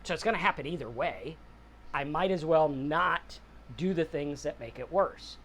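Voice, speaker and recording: A man's voice: fairly high pitch, moderate pace, fairly bright tone. Earnest, rambling man in his forties. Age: 40s. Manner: earnest and rambling, often asks "right?". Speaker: sobriety channel host. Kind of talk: casual reflective monologue.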